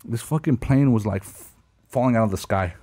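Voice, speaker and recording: A man's voice: fairly low pitch, brisk, dark tone. A man in his thirties casually telling stories, heavy with slang and swearing, laughing as he goes. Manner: slangy, profane, storytelling with laughs. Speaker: guest telling war stories. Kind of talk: casual podcast chat.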